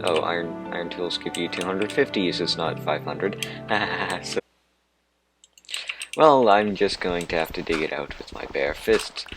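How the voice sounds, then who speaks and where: A man's voice: low voice, measured pace, over music. A man giving rambling, self-mocking commentary over his own gameplay. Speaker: let's play host.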